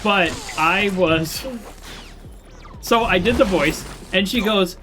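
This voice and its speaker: A streamer giving casual, rambling commentary while playing, self-deprecating and quick to laugh. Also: mid-range voice, sing-song, over music. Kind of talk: casual livestream gameplay commentary.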